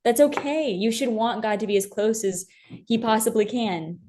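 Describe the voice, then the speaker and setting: A woman's voice: fairly high pitch, lively intonation, moderate pace, dark tone. Earnest young woman sharing her faith. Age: young adult. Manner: earnest, heartfelt, many "like"s and restarts. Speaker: guest. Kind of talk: emotional faith interview.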